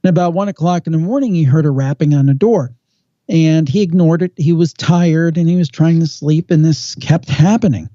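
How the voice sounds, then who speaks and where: A man with a very dark, mellow voice spins a creepy story, slowing down and leaning on the tense moments. The sound is dry and a little dull, like a lo-fi podcast recording. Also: on the high side, no echo. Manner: measured storyteller with slow dramatic pauses. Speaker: paranormal podcast guest host.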